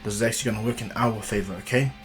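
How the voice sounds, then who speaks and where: A man voicing a brash, curious young male ninja hero who asks quick, casual questions. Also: lowish voice, steady tone, faint music behind, close to an everyday voice. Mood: insistent.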